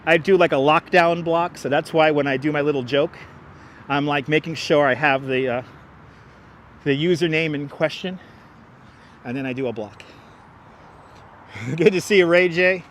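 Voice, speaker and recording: Street-walk streamer: a talkative man who laughs a lot and has a high voice, on a clip-on mic. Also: moderate pace, pauses often, a bit bright, slight background noise. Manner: chatty, reads out viewer comments, laughs often. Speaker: livestream host. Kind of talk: casual live-stream chat while walking. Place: outdoors on city streets, walking. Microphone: wireless clip-on mic.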